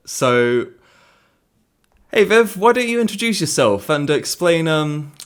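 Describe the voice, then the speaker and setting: A man's voice: a little high, sing-song, takes it slowly, over music. A man hosting a casual video review, joking and laughing as he rambles. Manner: jokey, laughs often, rambling. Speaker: host.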